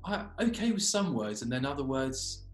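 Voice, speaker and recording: A man's voice: mid-range voice, sing-song, moderate pace, faint music behind. A man who is a youth worker and father, chatting in a light-hearted, playful way. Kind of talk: casual conversation. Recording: echoey room.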